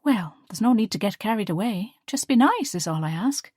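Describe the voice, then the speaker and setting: A woman's voice: medium pitch, animated, normal speed, a little mellow, breathy edge, no echo, clean studio sound, voice pushed up. Woman voicing an eager young woman student.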